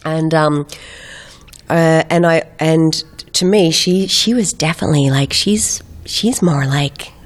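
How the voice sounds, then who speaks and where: A woman in middle age recounts stories in a relaxed interview. Her voice sits low, and she talks in an animated way, laughing often and restarting sentences as she goes. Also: takes it slowly. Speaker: actor guest. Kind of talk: casual interview storytelling.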